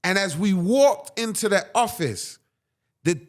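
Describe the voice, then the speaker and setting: A man on an interview show tells his own story a little slowly, in a high voice. The delivery stays dramatic and animated, with "right?" cropping up often.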